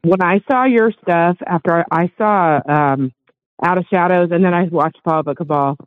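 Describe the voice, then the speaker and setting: A woman's voice: on the low side, normal speed, no room sound. An older woman from Los Angeles, calling in to a talk show, earnest and emotional as she gushes her thanks. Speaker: caller. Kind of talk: call-in radio chat. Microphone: phone. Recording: tinny phone line, dry.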